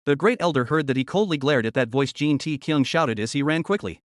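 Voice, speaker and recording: A man narrating a comic story recap in a rushed, even storytelling manner. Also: fairly high pitch, no echo, clean studio sound.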